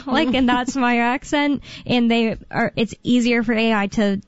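A young woman hosting talk radio in a rambling, casual way, pausing on fillers as she thinks aloud. Her voice sits a little high and sounds close and dry, yet somewhat muffled and dull. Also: no room sound.

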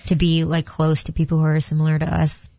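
A woman's voice: sits low, monotone, brisk, warm tone, no echo. A woman co-hosting a talk radio show, adding laid-back short remarks. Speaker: radio co-host. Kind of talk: casual talk radio chat. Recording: dull lo-fi radio sound.

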